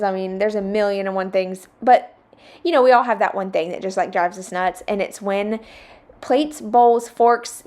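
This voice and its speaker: A young woman, chatting casually in a home vlog while she cleans, laughing often and venting in exasperation. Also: mid-range voice. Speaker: vlogger.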